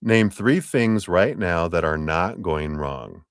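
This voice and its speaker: Man, very low voice, live-stream tarot reader, chatty, chuckles a lot, dry close sound. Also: lively intonation, slow, no echo. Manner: chatty, chuckles often, clears throat.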